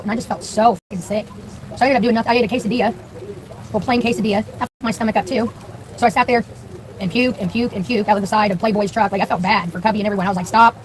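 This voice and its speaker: Fast-talking blunt woman streamer. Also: fairly high pitch, a little hiss or hum, rough recording. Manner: blunt, profane, talks straight to chat. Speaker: live streamer. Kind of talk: casual live-stream storytelling.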